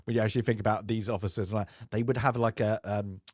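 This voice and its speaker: A man's voice: on the low side, fairly even intonation, fast talker, dry recording, clean studio sound. A man co-hosting a casual film chat, rambling and laughing often. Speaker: podcast co-host.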